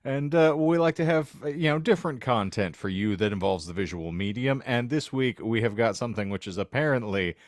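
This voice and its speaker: A man's voice: medium pitch, brisk, few pauses, no room sound, clean studio sound. A man hosting a casual comedy podcast, opening with playful, wordy, mock-grandiose introductions. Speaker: podcast host.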